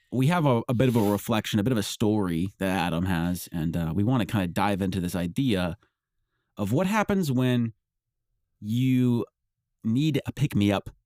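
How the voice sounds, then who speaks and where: A man hosting a podcast in casual chat, relaxed and rambling with lots of fillers. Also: fairly low pitch, no room sound, clean studio sound. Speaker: podcast host.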